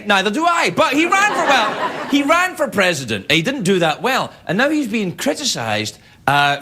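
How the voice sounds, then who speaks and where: A man's voice: high-pitched, very noisy. A man hosting a late-night talk show, delivering a comic monologue with sarcastic, playful asides in front of a live studio audience. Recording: studio audience laughter and music.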